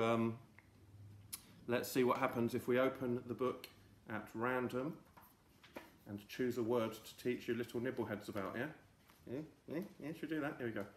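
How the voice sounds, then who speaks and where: A man hosting a silly lesson for children with a mock-grand, drawn-out delivery. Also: mid-range voice, roomy sound, slight background noise. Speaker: children's show host. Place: home.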